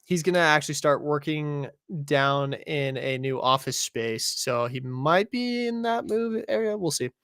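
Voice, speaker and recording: A man's voice: on the high side, animated, unhurried, few pauses, a bit bright, clean tone, no room sound, studio quality. A young man hosting a podcast in casual chat, rambling and poking fun at himself. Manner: rambling, self-deprecating. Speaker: podcast host.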